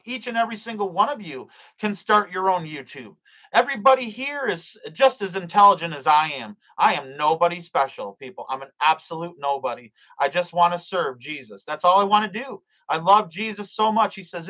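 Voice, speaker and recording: A man's voice: high voice, bright, forceful tone, rough recording. Fervent man preaching on a livestream. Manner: fervent, repetitive, stumbling over words. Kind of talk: live-streamed prayer and preaching.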